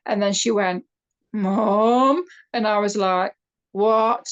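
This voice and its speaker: A middle-aged woman, a podcast guest telling a personal story in a chatty, animated way over a video call. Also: medium pitch, normal speed, clean tone, muffled recording. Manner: chatty, animated when quoting others. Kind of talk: casual storytelling interview.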